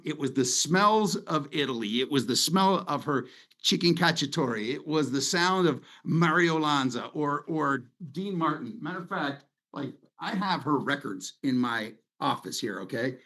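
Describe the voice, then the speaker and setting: Speaking slightly high with a fairly bright tone, this middle-aged webinar host is animated yet unhurried. He's on a video call from his home office, casually presenting over slides, and his delivery is chatty, meandering and sentimental.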